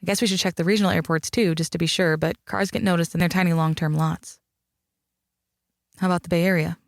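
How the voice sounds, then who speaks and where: A man voicing a sharp, wry young woman coroner in an audiobook, with dry, teasing banter. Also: a little high, little pitch movement, fast talker, creaky, no echo. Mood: explaining.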